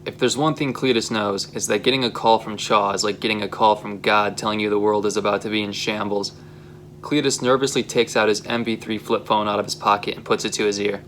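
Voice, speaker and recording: A man's voice: on the low side, fairly even intonation, fairly quick, fairly bright tone, slight background noise. A young man casually reading aloud his own short story script, with a few fillers. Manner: plain, casual read with occasional fillers.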